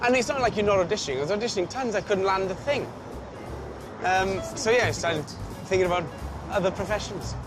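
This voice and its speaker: A man's voice: high-pitched, quick pace, loud music behind the voice. A Welsh man in his forties, an actor chatting casually in an interview, self-deprecating and jokey with many restarts. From Wales. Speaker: actor guest.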